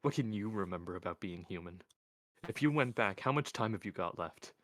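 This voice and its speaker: A man voicing an intense young man who speaks quietly and evenly with a cold edge, reading a story aloud. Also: fairly low pitch, fairly quick, dry recording, studio quality. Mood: earnest. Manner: quiet, even, menacing.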